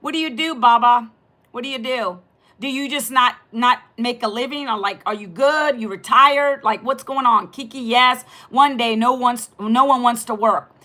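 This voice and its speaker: Raspy fifties woman, high bright voice, blunt live-stream host talking to her chat. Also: moderate pace. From Northern Virginia. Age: 50s. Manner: blunt, talks straight at the chat. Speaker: livestream host.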